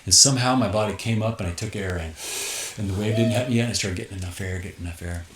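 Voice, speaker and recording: A fairly low, fairly bright male voice delivers a fast personal anecdote during a casual interview set in a tipi. The middle-aged guest performs parts of the story with gasps and exclamations, and there's a roomy echo plus faint noise.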